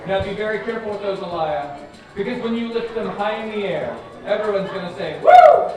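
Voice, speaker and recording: Brisk and high-voiced, this man plays a children's magician at a live orchard show, chanting playfully and acting mock-surprised. The audio is far off and echoey, with music and crowd noise.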